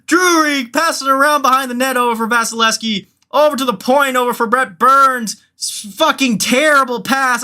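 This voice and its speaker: Bright, excitable, swearing game commentator. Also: high-pitched, normal speed, few pauses. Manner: excitable, profane, yells at the game. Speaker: gamer commenting own match. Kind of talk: mock play-by-play while playing a hockey video game.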